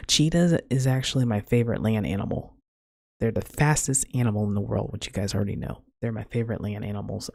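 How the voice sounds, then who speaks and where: Podcast host, woman, low gravelly husky voice, rambling casual chat, dry close mic. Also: a little mellow, no room sound. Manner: rambling, chatty, peppered with "like" and "man".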